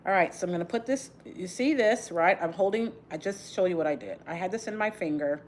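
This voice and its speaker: A woman's voice: lowish voice, brisk, slight background noise. A middle-aged woman from Texas, livestreaming as she twists her braids, sighing often and holding back tears. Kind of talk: casual livestream chat while doing her hair.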